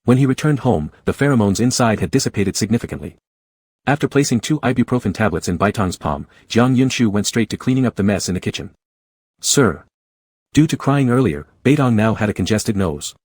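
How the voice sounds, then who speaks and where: Male narrator for a story read-through, low, husky, dry close sound. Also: lively intonation, fast talker, darkish tone, no echo.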